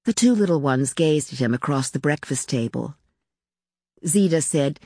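A woman reads a literary story aloud in the calm, measured manner of an audiobook. Her voice sits low, and she lets the lyrical passages unfold at an even pace. The recording is close and dry, with no room sound around her. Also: husky, dry recording. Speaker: narrator. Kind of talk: audiobook reading of literary fiction.

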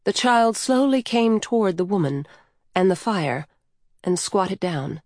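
Woman reading a story, slow and measured, lowish voice, dry close mic. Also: expressive, darkish tone, no room sound. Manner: unhurried and measured. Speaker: narrator. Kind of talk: scripted story narration.

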